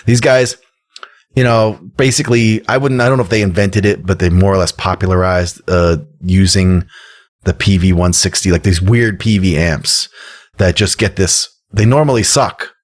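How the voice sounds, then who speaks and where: Man, lowish voice, podcast co-host, enthusiastic, jokey, casual chat. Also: moderate pace. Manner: enthusiastic, jokey, animated storytelling. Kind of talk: casual record-review chat.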